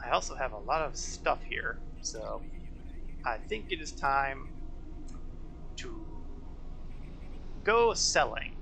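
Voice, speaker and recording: A man's voice: medium pitch, big pitch swings, slow, vocal fry, pauses often, bright, forceful tone, a little hiss or hum, low-quality recording. A man casually commenting while playing a game on a live stream, chatty and self-mocking as he thinks aloud.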